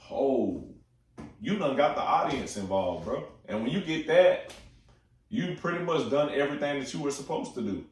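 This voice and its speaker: A young man casually talking about upcoming films, excitable and slangy, swearing freely. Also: mid-range voice. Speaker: movie talk host. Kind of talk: casual movie chat. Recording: echoey room, far from the mic.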